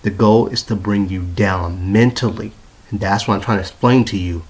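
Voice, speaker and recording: Husky-voiced man ranting aggrieved. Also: fairly low pitch, fairly even intonation, moderate pace, darkish tone. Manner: aggrieved, repetitive, swearing. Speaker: vlogger. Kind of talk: ranting phone video to viewers. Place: apartment bedroom. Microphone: handheld phone.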